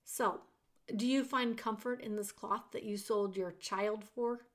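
A woman's voice: mid-range voice, steady tone, a little slow, close to an everyday voice. A woman reading Roscuro, a sly coaxing rat. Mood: probing. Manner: silky, coaxing, mock-polite. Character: cunning male rat, sly and smooth-talking.

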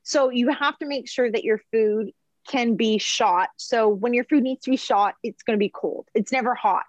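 A woman, a chef and food journalist, chatting as a podcast guest and telling animated stories with plenty of "like" and "um". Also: on the high side, moderate pace, no echo, rough recording. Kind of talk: casual storytelling chat.

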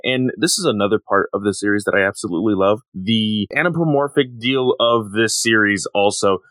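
A man's voice: on the low side, brisk, dry recording. Laid-back man chatting about manga. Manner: relaxed, laughing along, loose filler-heavy phrasing. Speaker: podcast co-host. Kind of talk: casual manga discussion.

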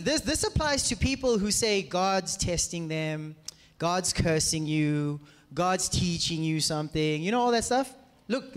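High-voiced energetic preacher man, hall reverb. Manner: energetic, questions the audience, jokes. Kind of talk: teaching sermon to a congregation.

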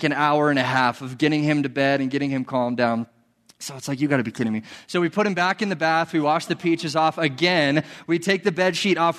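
A young man preaching a sermon, opening with an animated personal story full of vivid asides. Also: fairly high pitch, smooth. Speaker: pastor. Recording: long reverb of a hall.

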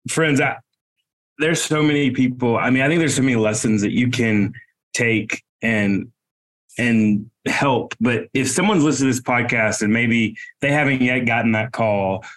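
A man's voice: medium pitch, moderate pace, fairly bright tone, low-quality recording. A male podcast host asking an earnest question, speaking to listeners. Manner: earnest, addresses listeners directly. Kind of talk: casual interview.

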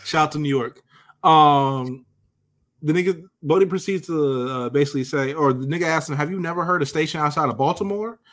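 A man's voice: fairly high pitch, brisk, a bit bright. A man co-hosting a podcast, casually recapping scenes in a profane, joking way. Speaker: podcast co-host.

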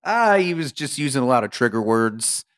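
A man's voice: mid-range voice, very animated, normal speed, clear, resonant tone, dry recording, studio quality. A man from Maine co-hosting a podcast in casual, profane banter, laughing often. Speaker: podcast co-host. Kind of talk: casual chat.

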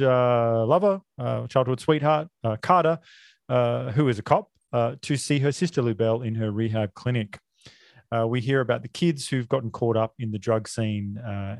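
A man's voice: medium pitch, dry recording, clean studio sound. Casual swearing man recapping a film. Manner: chatty, swears casually, many filler uhs. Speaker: podcast co-host.

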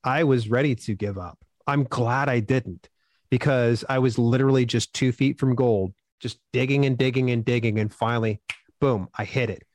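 Man, mid-pitched voice, upbeat, animated storytelling, dry close sound. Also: normal speed, no room sound. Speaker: self-publishing expert guest. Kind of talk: casual interview answers.

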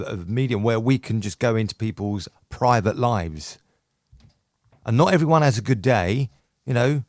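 A man's voice: medium pitch, a little mellow, no room sound, clean studio sound. A middle-aged man from the United Kingdom, a radio presenter chatting enthusiastically as a podcast guest and telling stories with many restarts. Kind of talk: casual chat.

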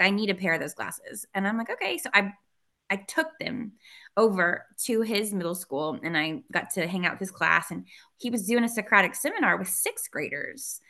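Bright-voiced woman telling stories. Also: medium pitch. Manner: chatty storyteller, lots of fillers and laughs. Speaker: guest, educator and speaker. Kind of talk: casual interview conversation.

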